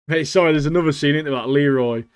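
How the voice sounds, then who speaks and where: Animated man chatting casually. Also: on the high side, clean tone. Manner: animated, laughing often, slangy and swearing. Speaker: podcast co-host. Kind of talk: casual chat reviewing TV shows.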